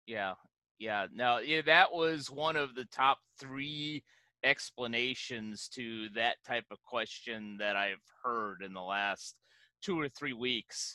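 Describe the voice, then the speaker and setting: Bright-voiced man hosting a podcast. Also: medium pitch, no echo. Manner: friendly, laughs mid-sentence, fillers. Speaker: podcast host. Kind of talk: casual interview talk.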